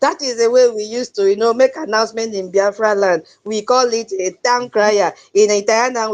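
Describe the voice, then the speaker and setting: A woman with a Nigerian accent and a high-ish voice hosts an online audio space, delivering impassioned advocacy in an emphatic, preachy style at normal speed with hardly any pauses. She laughs often, and chanting and drum sounds are present.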